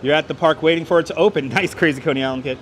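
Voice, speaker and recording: A man's voice: on the high side, rapid-fire. Upbeat man greeting livestream viewers. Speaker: livestream host. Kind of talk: walking livestream, reading chat aloud. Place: city streets and a large indoor station hall. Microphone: wireless clip-on mic.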